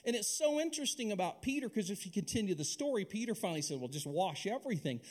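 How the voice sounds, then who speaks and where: A middle-aged male pastor from Alaska preaching a sermon, telling a personal story in an animated, conversational way with many restarts. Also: sits high, quick pace.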